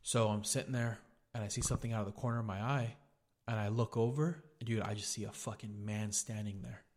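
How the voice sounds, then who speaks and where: A man's voice: fairly low pitch, steady tone, brisk, darkish tone. A young man hosting a podcast, telling a story in a casual, profane way and saying "dude" a lot. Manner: profane, laid-back, says "dude" a lot. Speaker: podcast host.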